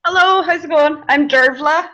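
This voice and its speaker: A woman's voice: sits high, moderate pace, pushed and bright, dull audio, slight background noise. A woman from Northern Ireland with a Northern Irish accent, a friendly guest speaking over a video call. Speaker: webinar guest.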